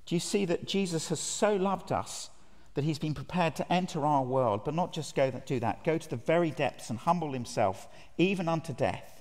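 A man's voice: fairly high pitch, animated, moderate pace, a little mellow. A man preaching a sermon at a conference, earnest and emphatic, putting direct questions to his listeners. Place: large conference hall. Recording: reverberant hall.

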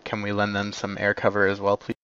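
A man commanding his team in an online game, giving brisk, polite tactical callouts and quick corrections. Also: fairly low pitch, completely flat delivery, a bit bright, clean tone, no echo. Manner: brisk, polite, slightly apologetic. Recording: dull lo-fi mic capture.

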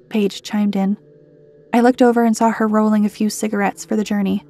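A woman narrating a scripted horror story in a measured, even way. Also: medium pitch.

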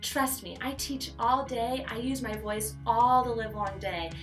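Chatty woman voice coach, upbeat and playful, highish voice, sounds a bit far from the mic. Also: steady tone, measured pace, fairly bright tone, soft background music. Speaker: singer and voice coach. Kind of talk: online voice lesson.

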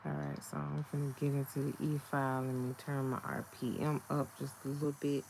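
A woman chats casually while doing her nails at home, laughing often and talking to herself. Her voice sits low and gravelly, and she takes her time. A faint background hiss runs under the recording. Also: flat delivery, brisk, a little mellow. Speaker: nail vlogger. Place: home, indoors.

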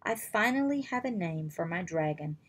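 A woman's voice: fairly low pitch, animated, normal speed, slightly rough. A woman reading as an eager young girl dragon rider. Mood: earnest. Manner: earnest, eager.

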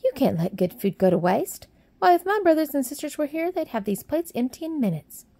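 A woman's voice: high voice, very animated, fairly quick, warm tone, dry recording, pitched above the performer's own voice. A woman voicing a cheerful, plump young Yorkshire housemaid who talks in a friendly, plain-spoken way. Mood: scolding.

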